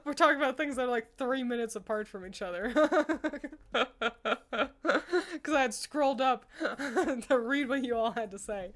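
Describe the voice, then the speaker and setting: Young woman streamer, slightly high voice, giggles between lines, swears bluntly while reading chat. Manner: giggly, laughs often between remarks. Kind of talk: casual chat reading live comments.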